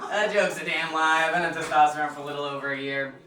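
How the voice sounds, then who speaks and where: A man's voice: on the high side, fairly even intonation, fast talker, a loud crowd. A trans man doing stand-up and hosting the show, chatty and laughing between jokes. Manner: chatty, laughing, shouting introductions. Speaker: comedian and show host. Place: small comedy venue. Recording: echoey room from far off with loud noise.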